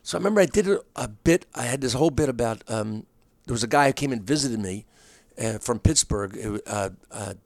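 A middle-aged man in a relaxed conversation tells stories in quick, animated bursts, often restarting his sentences. His voice sits at an ordinary pitch, close and dry with no room sound around it. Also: vocal fry, no room sound. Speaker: comedian and comedy writer guest. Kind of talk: casual storytelling chat.

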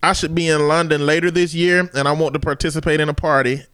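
A man co-hosting a podcast, talking in a measured way and joking dryly. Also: a little high, fairly even intonation, fairly bright tone, clear, resonant tone, no room sound, studio quality. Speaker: podcast co-host. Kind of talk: casual chat.

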